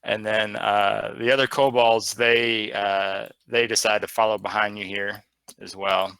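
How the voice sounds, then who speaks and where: Man, game master, bright tone, dry close sound, rambling with fillers. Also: lowish voice, flat delivery, measured pace, clear, resonant tone, dry recording, low-quality recording. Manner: rambling, with many fillers and restarts. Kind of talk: narrating a tabletop game over voice chat.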